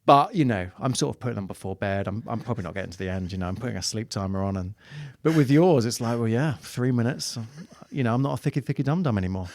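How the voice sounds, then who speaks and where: Lively man telling stories. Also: mid-range voice, quick pace, hardly any pauses, dry recording, clean studio sound. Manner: rambling, animated storytelling with acted-out quotes. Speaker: guest comedian. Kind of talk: casual podcast chat.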